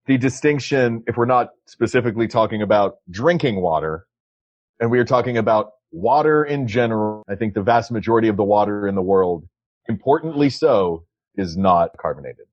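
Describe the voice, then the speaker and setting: A man with a lowish voice co-hosting a podcast from home, defending odd points with playful, deadpan logic. His home mic sounds slightly dull and lo-fi. The sound is dry, with no room echo. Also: a little fast. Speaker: podcast co-host. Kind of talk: casual chat. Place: his home, recording remotely.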